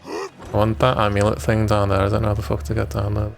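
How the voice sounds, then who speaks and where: A man's voice: fairly low pitch, completely flat delivery, fast, vocal fry, soft background music. A man streaming a video game, rambling and grumbling with heavy swearing. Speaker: livestreamer. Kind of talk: casual gaming commentary.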